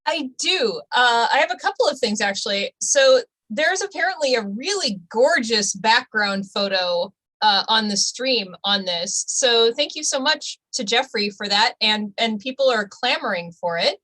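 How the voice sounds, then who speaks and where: A woman's voice: fairly high pitch, lively intonation, measured pace, hardly any pauses, pushed and bright, rough recording. Hesitant woman co-hosting a stream. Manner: hesitant, repeats words, polite. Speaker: co-host. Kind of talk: casual live-stream chat.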